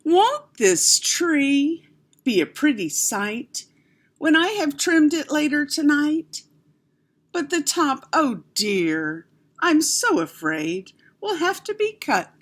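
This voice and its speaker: Lady doing a worried little maid, hushed and high, storybook voice. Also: sing-song, slow pace, exaggerated voice. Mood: fretful. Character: fretful young woman maid.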